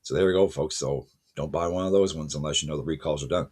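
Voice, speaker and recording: Car channel host, man, very low husky voice, chatty and loose. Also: fast, a little mellow. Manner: conversational, self-correcting, addresses viewers as folks. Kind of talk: casual spoken commentary to camera.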